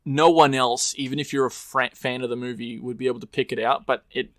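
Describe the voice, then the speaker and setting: A man's voice: medium pitch, fairly even intonation, fairly quick, fairly bright tone, dry recording, clean studio sound. A young man co-hosting a casual podcast chat, rambling with lots of ums and quoted movie lines. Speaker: podcast co-host.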